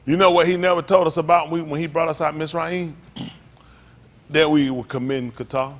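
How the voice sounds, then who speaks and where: A pastor preaching a sermon, reading scripture aloud slowly and commenting between verses, calling out to the congregation. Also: male voice, fairly high pitch, fairly even intonation. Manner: call-and-response preaching, rising to emphatic exclaims.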